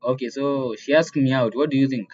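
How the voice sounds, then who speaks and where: A man's voice: medium pitch, steady tone, brisk, a little mellow, breathy edge, muffled recording. A young man chatting casually with his voice assistant, hesitant and rambling with lots of fillers. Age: young adult. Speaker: tech video creator.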